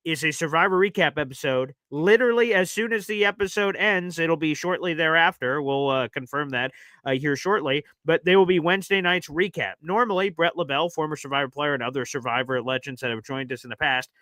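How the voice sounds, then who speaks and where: Bright, upbeat sports-show co-host man. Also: a little high, brisk, no room sound. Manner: upbeat, promotional, lots of fillers. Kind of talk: casual live-stream chat.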